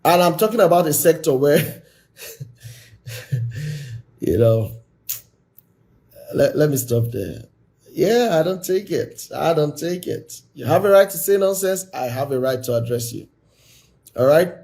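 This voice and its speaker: A man giving a blunt, forceful, exhorting talk on a live stream as a relationship coach. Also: a little high, animated, moderate pace, creaky.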